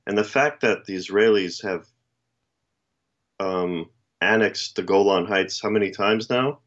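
A man's voice: fairly low pitch, measured pace, a bit bright, lo-fi sound. A man co-hosting a political commentary chat, speaking in a rambling, emphatic, and sardonic way. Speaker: co-host.

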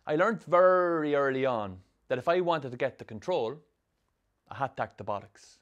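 An actor narrating a film as a troubled young Irish man with a Sligo accent, telling his rough youth in a dry, sardonic way. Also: mid-range voice, expressive, moderate pace, dull audio, lightly acted. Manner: dry, sardonic storytelling with strong swearing. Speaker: narrator, the film's lead. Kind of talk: scripted film voice-over.

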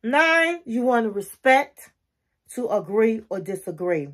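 A woman's voice: on the high side, big pitch swings, a little slow, a bit bright. Earnest woman coaching couples. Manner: earnest, coaching, numbered tips. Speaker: relationship advice vlogger. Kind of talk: casual advice talk to camera.

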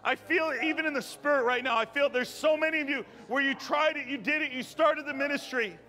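Fervent high-voiced preacher man in a hall. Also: a little fast. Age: 30s. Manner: fervent, repeating phrases, rising to shouts. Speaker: guest preacher. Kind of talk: charismatic sermon and prayer. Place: church sanctuary. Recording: long church hall reverb with music.

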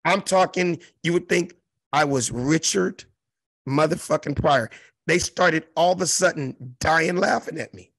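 Gravelly, high-voiced man telling a wild story. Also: measured pace, fairly bright tone, dry recording. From South Central Los Angeles. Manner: profane, emphatic, mimics crowd noises. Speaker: interview guest, comedian. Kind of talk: animated storytelling.

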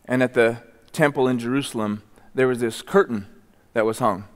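Reading from scripture before speaking with earnest conviction, a pastor delivers a sermon in a church sanctuary, often restarting and repeating words. His voice is mid-range and clean at normal speed, with a big-room sound.

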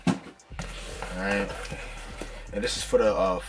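Deep-voiced man hyping a hat unboxing. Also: a little slow. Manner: excited slangy hype talk. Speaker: hat vlogger. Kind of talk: casual unboxing vlog.

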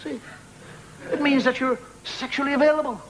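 A man's voice: very high voice, steady tone, normal speed, very noisy. A man with an Irish accent doing a conversational stand-up monologue, acting out gestures and sounds, recorded in a 1980s television studio. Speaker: stand-up comedian. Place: television studio with live audience. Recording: 1980s TV broadcast with audience laughter. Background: audience laughter.

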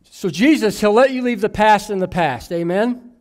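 A man's voice: high-pitched, moderate pace. A man in his thirties preaching a sermon, telling his own testimony in a candid, self-deprecating way with the odd joke.

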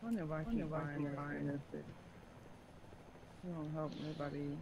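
A woman in casual gaming chat, relaxed and teasing with her friends. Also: low-pitched, normal speed, a crowd in the background, poor audio.

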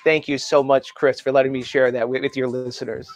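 A man who works as a positivity coach and speaker, giving a measured, earnest motivational message that slows down for emphasis. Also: medium pitch, level tone, faint music behind.

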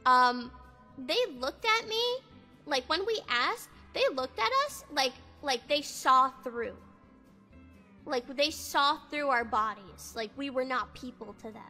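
A woman's voice: high-pitched, expressive, slow, bright, forceful tone, soft background music. A woman streamer chatting casually, swearing a lot as she rants heatedly. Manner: profane, heated ranting. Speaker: VTuber streamer.

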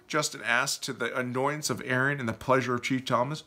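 A man reading his own novel aloud as an audiobook narrator, with an expressive, animated delivery. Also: mid-range voice, brisk.

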